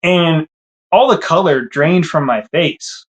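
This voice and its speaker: Man, casual storyteller, slightly high voice, animated and expressive when voicing his own past thoughts. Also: slow. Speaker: guest telling his story.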